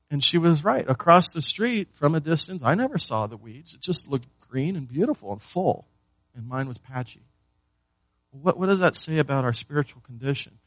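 A man's voice: on the high side, lively intonation, moderate pace, fairly bright tone, no echo. A man preaching a sermon as pastor, earnest, often repeating words and asking the listeners questions.

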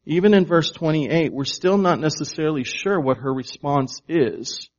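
A pastor preaches a sermon in a fairly high-pitched voice at a normal speed, and the recording sounds muffled. He is emphatic, shifting his volume to stress words and often putting questions to his congregation.

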